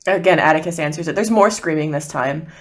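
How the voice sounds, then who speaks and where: A woman's voice: sits low, fast. A woman narrating as game master of a tabletop game, loose and chatty with frequent laughs.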